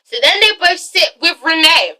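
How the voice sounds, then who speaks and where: A woman casually recapping a TV episode, animated and profane, often slipping into the characters' voices. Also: very high-pitched, moderate pace, far from the mic, rough recording. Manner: animated, profane, acts out characters' lines with laughter. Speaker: TV show reviewer.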